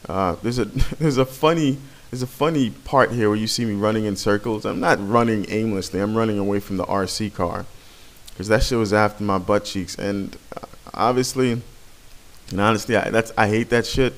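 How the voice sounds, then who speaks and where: A gameplay commentator talks over his footage in a lowish voice at a moderate pace. His delivery is casual, rambling and profane, and he keeps restarting his sentences.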